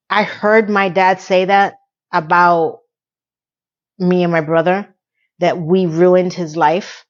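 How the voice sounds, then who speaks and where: A tearful middle-aged vlogger recaps a TV episode on her own, loose and talkative. Her voice shoots up in pitch when she's moved, and the audio sounds somewhat muffled and dull.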